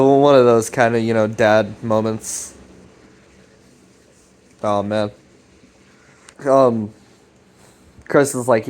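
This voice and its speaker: A man's voice: medium pitch, little pitch movement, slow pace, long pauses, darkish tone, clear, resonant tone. A man casually rambling through a recap of a web series, with lots of fillers, restarts and swearing.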